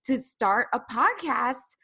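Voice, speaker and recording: A woman co-hosting a podcast in casual chat, wry and gossipy with quick asides. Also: high-pitched, animated, vocal fry, bright, forceful tone, husky. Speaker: podcast co-host.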